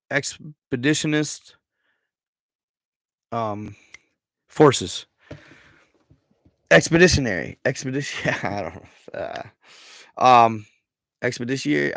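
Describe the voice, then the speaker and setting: A man's voice: mid-range voice, gravelly, a bit bright, no room sound, studio quality. A man hosting a casual livestream, rambling through a history story in slangy speech and stumbling over words. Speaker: livestream host.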